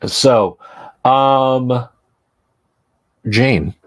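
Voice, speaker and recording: A man running a tabletop horror game, narrating slowly and deliberately with fillers. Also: medium pitch, dry recording. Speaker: game master.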